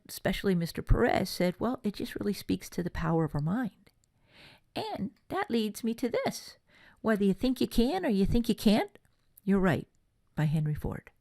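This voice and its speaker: A woman from California giving a motivational workshop talk, telling personal stories in a chatty, lively way. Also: lowish voice, no echo. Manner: chatty storytelling, lively asides. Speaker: workshop presenter.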